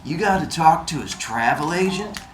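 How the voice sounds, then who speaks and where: A man's voice: a little high, animated, normal speed, a bit bright, voice pushed up. A man voicing a laid-back young male hippie who drawls his slang, while reading a story aloud. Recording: roomy room with faint noise.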